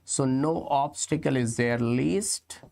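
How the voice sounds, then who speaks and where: A man with an Indian English accent teaching a chemistry lecture, explaining slowly and repeating key points while calling his students kids. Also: mid-range voice, gravelly, darkish tone. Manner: slow, repetitive explaining, addressing students as kids. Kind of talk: exam-prep lecture.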